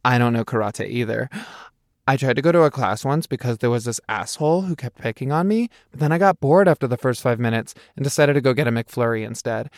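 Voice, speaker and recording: A man's voice: medium pitch, brisk, dry recording, clean studio sound, close to an everyday voice. A man narrating an audiobook voices a cheerful, rambling young man who talks about himself without a filter. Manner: rambling, chatty, self-deprecating.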